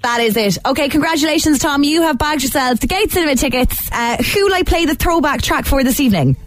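A woman's voice: high-pitched, lively intonation, fast, dry recording. A woman hosting an evening radio phone-in, bubbly and playful, laughing often with callers. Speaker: radio show host. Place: radio studio.

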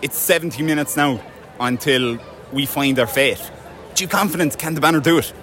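A man interviewing people outdoors in a town, upbeat and quick with his questions. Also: fairly high pitch, fairly bright tone, some chatter behind. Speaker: reporter. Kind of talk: street vox pop interviewing.

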